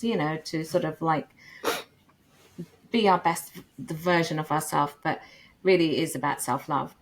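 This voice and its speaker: A middle-aged woman telling a personal story in casual chat, laughing often and acting out the voices she quotes. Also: low voice.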